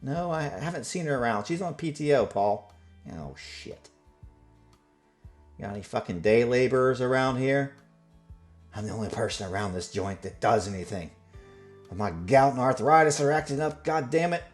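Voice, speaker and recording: A man voicing a heavyset, crude, grumbling handyman who yells and swears. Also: medium pitch, animated, moderate pace, faint music behind, voice pushed up, close to an everyday voice. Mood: griping, shouting. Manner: shouting, cursing, complaining.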